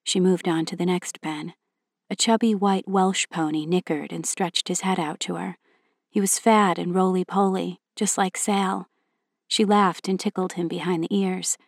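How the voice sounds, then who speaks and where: Storyteller: woman, lowish voice, steady clear narration, dry close recording. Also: normal speed, no echo.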